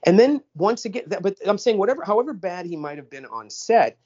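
A man's voice: high voice, very animated, fairly quick, darkish tone, slightly rough, dull audio. A man co-hosting a casual film chat, ranting with many stammered restarts. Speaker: podcast co-host.

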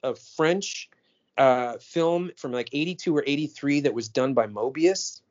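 A man co-hosting a casual chat about cult films, talking in an excitable way. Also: mid-range voice, a little slow. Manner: animated, excitable talker. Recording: dull lo-fi recording.

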